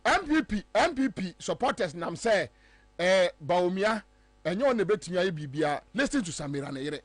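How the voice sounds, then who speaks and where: A Ghanaian man hosting a political talk show, animated and emphatic, switching between English and Twi. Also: high-pitched, fairly quick, no room sound. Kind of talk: political commentary.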